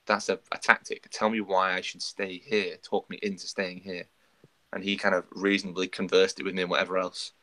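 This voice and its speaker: A man's voice: low-pitched, little pitch movement, brisk, fairly bright tone. A man co-hosting a podcast, telling a story in casual chat and acting out the quoted dialogue. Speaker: podcast co-host.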